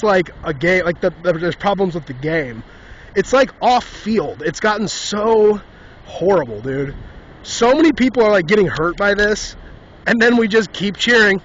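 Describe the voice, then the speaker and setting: A man's voice: high voice, a bit bright, muffled recording, slight background noise. A man hosting a podcast in a casual, exasperated and sarcastic rant, with lots of "like" and "dude". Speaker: podcast host. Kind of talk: casual ranting monologue.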